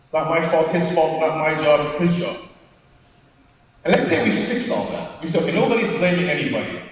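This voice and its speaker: A man giving a motivational keynote talk at a conference, animated, putting questions to the audience and acting out quotes. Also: a little high, moderate pace, a little hiss or hum. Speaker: keynote speaker. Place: large conference hall. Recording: echoey hall, distant mic, dull sound.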